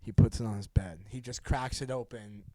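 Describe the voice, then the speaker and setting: A man's voice: mid-range voice, steady tone, moderate pace, warm tone, no echo. A young man co-hosting a podcast, telling a wild story in casual chat, laughing and swearing, full of "like" and "dude". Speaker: podcast co-host.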